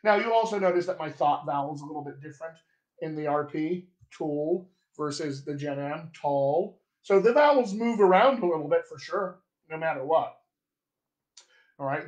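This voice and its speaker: Chatty General American man, echoey room. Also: a little high. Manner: demonstrative, chatty, repeats sample words slowly. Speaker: dialect coach. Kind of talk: live-streamed accent lesson.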